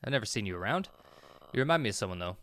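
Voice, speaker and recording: A man doing a surly rough stranger. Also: lowish voice, big pitch swings, rapid-fire, a bit bright. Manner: blunt, dismissive, calls people mate.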